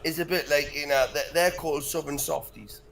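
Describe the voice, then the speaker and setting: A man with a northern English accent, a guest on a livestream, loud, teasing and swearing. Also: fairly high pitch, steady tone, a little fast, vocal fry, slight background noise. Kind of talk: casual comedic banter.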